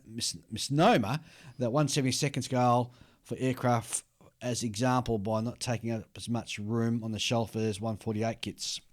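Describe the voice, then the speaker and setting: A man's voice: mid-range voice, darkish tone. An Australian man co-hosting a hobby podcast, chatting casually and reading out listener mail, rambling and laughing at himself. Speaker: podcast co-host.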